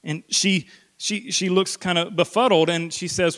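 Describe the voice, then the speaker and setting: A man preaches a sermon in a slightly higher-than-usual voice. He is earnest, repeats words for emphasis and drops to a hush on key points. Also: moderate pace. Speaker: pastor.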